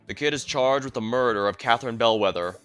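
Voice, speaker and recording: A man's voice: mid-range voice, fast talker, fairly bright tone, faint music behind, close to an everyday voice. A man voicing a brusque male commander of armored knights, authoritative and curt. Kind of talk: visual novel voice reading.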